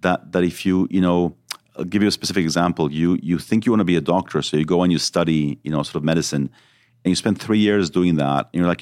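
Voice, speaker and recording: Low-voiced man, earnest and reflective. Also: a little fast, darkish tone, dry recording, clean studio sound. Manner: earnest, reflective, explains with examples. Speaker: guest. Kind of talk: podcast interview.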